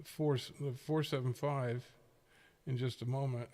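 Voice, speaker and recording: A man's voice: medium pitch, fairly even intonation, unhurried, in a large hall, very noisy. A man hosting a livestreamed amateur radio net, chatting casually and rambling with frequent chuckles. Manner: chuckling, rambling, self-deprecating.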